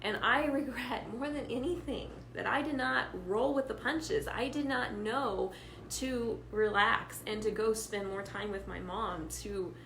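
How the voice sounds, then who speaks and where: A woman's voice: a little high, a little slow, a bit bright, roomy sound, slight background noise, poor audio. A mother co-hosting a parenting talk, speaking personally while emotional and close to tears. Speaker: co-host, homeschooling mother.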